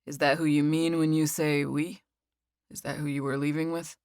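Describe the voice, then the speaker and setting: A woman's voice: low voice, level tone, normal speed, darkish tone, clear, resonant tone, no room sound, studio quality. A woman narrator voicing a jealous, clingy young man who speaks in an insistent, warning tone. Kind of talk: audiobook character voice.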